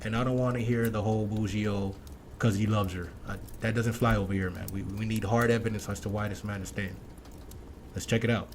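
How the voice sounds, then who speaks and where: A man's voice: fairly low pitch, steady tone, fairly quick, slight background noise. A man hosting a casual reaction commentary, blunt and wry, talking slangily to his viewers. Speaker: commentary host.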